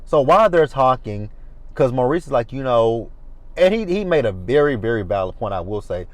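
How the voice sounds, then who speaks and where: A man talks through a reality show episode in a sassy, animated way, swearing freely as he goes. His voice sits at a middle pitch. It is recorded close and dry, with no room sound. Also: moderate pace, no echo. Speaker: reality TV reviewer. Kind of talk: casual commentary.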